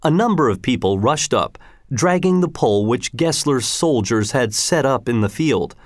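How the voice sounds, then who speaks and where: A man narrating a children's history story in a measured, expressive reading. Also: medium pitch, no room sound, clean studio sound.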